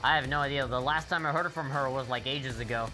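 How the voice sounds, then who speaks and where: A man's voice: medium pitch, fast. A young man streaming a rhythm game, telling a rambling, profane story. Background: faint game music.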